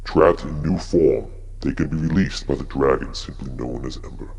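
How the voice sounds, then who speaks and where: A man voicing an ancient, solemn oracle who intones a rhymed prophecy in a deep, gravelly voice. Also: moderate pace, darkish tone. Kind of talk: tabletop game narration.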